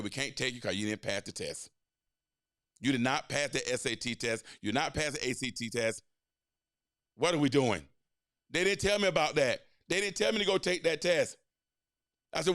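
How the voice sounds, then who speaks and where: A middle-aged man, a coach telling a motivational life story in a dramatic way, jumping from loud excitement to low, quiet lines. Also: no room sound, studio quality. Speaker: coach and podcast host.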